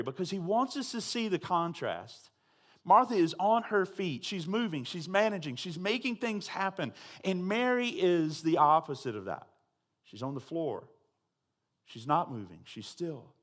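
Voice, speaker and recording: A man as pastor, high voice, chatty sermon, checks in with the congregation, dry side jokes. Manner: conversational, with frequent tag questions to the congregation.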